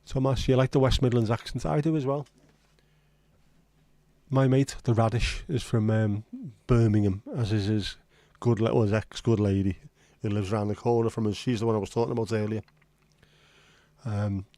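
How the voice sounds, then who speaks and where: A man's voice: fairly low pitch, steady tone, moderate pace, warm tone, no room sound. A man hosting a casual livestream chat, rambling and reading out viewer comments. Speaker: livestream host.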